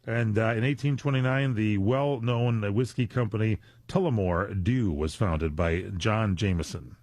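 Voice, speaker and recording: A man's voice: lowish voice, a little slow, a little mellow, dry recording. A man hosting a live radio show in a studio, chatting casually with jokes and rambling digressions. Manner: jokey, rambling, drifts into digressions. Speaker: radio host. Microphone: studio microphone.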